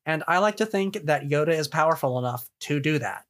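A man's voice: on the high side, lively intonation, fairly quick, a bit bright. Rambling man musing aloud. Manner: rambling, full of fillers and restarts, musing. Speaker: podcast co-host. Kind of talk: casual fan discussion.

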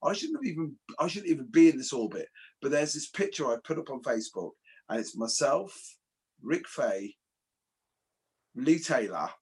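A man from the English Midlands, a martial arts instructor, telling animated stories in a casual podcast chat with some swearing and repeated words. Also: medium pitch, normal speed, pauses often, breathy edge. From England.

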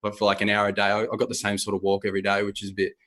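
Fast-talking Australian man. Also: lowish voice, monotone, fairly bright tone. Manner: rambling, with many fillers and restarts. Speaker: podcast co-host. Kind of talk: casual chat.

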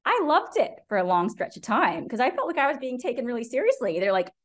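An American woman, a professor talking as a guest in an interview, lively and quick to act out what other people say. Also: on the high side. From United States. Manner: animated, quotes critics in mocking voices. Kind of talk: conversational interview.

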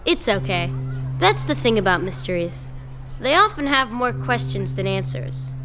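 A woman's voice: mid-range voice, sing-song, normal speed, natural voice. A woman voicing a curious, brave eleven-year-old girl detective who talks eagerly to her cat. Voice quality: bright, eager narrating. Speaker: voice actor. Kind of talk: audio drama acting. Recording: background ambience noise.

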